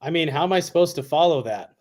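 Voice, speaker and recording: A man's voice: on the high side, fast talker. A man guest speaking earnestly and a bit hesitantly about a close friend. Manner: relaxed, earnest with some hesitation.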